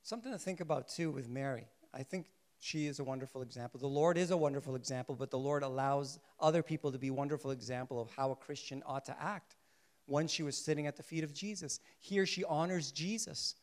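A man preaching a sermon who keeps asking his listeners questions and answering them, drawing out his key points slowly and softly. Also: fairly high pitch. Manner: asks the congregation rhetorical questions and answers them; shifts between soft, slow emphasis and louder bursts.

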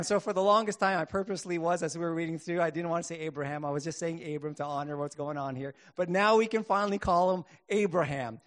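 A middle-aged man preaching a sermon and telling his own testimony, earnest, rising to emphatic bursts and then dropping quiet. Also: fairly high pitch, fairly quick.

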